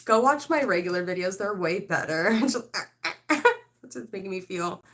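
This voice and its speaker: A woman's voice: mid-range voice, expressive, measured pace, a bit bright. Rambling woman giving a casual tarot reading. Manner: rambling, full of "like" and "I don't know"; frank, with laughs mixed in. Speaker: tarot reader.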